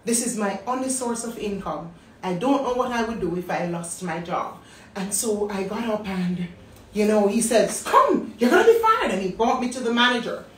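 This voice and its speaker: Woman, Jamaican accent, thirties, animated storytelling, echoey room, far from mic. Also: mid-range voice, normal speed, slight background noise. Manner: animated storyteller acting out quotes. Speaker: business talk host. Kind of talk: personal storytelling. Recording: roomy, distant mic.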